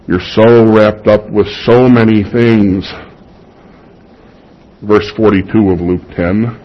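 A pastor delivers a sermon in a church, his husky voice climbing to emphatic peaks on key words. He keeps turning to the congregation with questions. The recording is muffled and lo-fi. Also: fairly low pitch, fairly even intonation, takes it slowly, long pauses. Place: church sanctuary.

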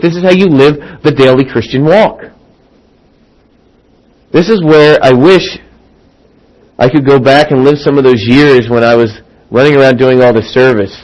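A middle-aged man preaching a sermon as a pastor, acting out quoted voices and swinging from loud emphasis to hushed asides. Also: fairly high pitch, rough recording.

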